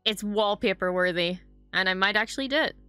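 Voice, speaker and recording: A woman's voice: medium pitch, fairly quick, pushed and bright, smooth, no room sound, soft background music. A young woman hosting a reaction video, chatting casually and expressively, swearing often and gushing over what she watches.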